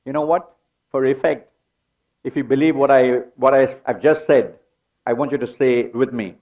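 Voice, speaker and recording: A man's voice: mid-range voice, brisk, darkish tone. A middle-aged man preaching a sermon in a church, leading the congregation in call-and-response. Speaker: pastor.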